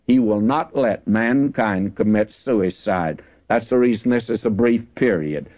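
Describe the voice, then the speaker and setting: A man giving a folksy, earnest radio Bible teaching, slowing down to stress key phrases. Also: on the low side. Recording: dull lo-fi radio broadcast.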